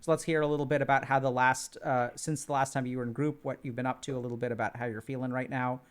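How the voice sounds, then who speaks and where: A man's voice: mid-range voice, flat delivery, fast, clear, resonant tone. A man facilitating an online group session, talking casually with many fillers and restarts.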